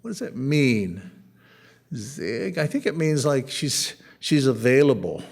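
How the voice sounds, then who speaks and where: A man's voice: medium pitch, big pitch swings, slow pace, gravelly, slightly rough. A middle-aged man from the United States, an artist talking casually at an art museum about his photographs, rambling and anecdotal, with frequent restarts and a joking tone. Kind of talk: casual gallery talk.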